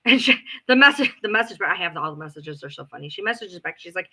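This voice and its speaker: A woman hosts a livestream and tells her story bluntly, with sarcasm and plenty of swearing. Her pitch rises and falls a lot, and her voice is very bright and sharp. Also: lively intonation, fairly quick, low-quality recording. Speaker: livestream host. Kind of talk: ranting livestream chat.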